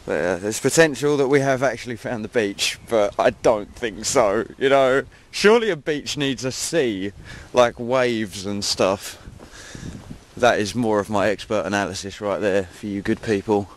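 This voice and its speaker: In a noisy outdoor camera recording, an English vlogger wanders among dunes and woods, chatting to the lens and joking at his own expense. He speaks at normal speed in a voice on the low side.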